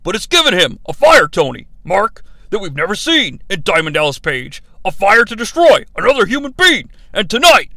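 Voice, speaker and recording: A man's voice: high-pitched, sing-song, normal speed, few pauses, pushed and bright, no echo, full character voice. A man putting on an overwrought male wrestling commentator, speechifying grandly. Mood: dramatic.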